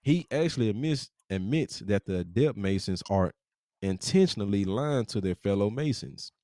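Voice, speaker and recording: Deep, mellow-voiced man reading and commenting. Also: animated, normal speed, no echo, studio quality. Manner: casual, profane asides between quotes. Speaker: podcast host.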